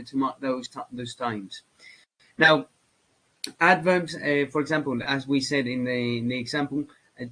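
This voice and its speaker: A man whose first language is Spanish, lecturing on English grammar as a teacher, halting with many fillers and restarts. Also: medium pitch, a bit bright, rough recording.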